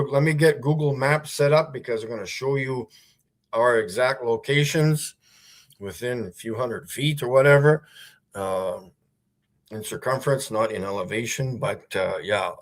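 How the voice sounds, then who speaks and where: Man, livestream host, slow drawl, sarcastic, rambling, lots of ums and uhs. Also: medium pitch. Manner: sarcastic, rambling, many fillers. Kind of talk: casual livestream commentary.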